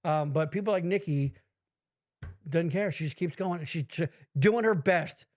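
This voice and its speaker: A man's voice: on the high side, a little slow, darkish tone. A man hosting a podcast in casual chat, rambling and swearing freely, laughing often. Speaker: podcast host.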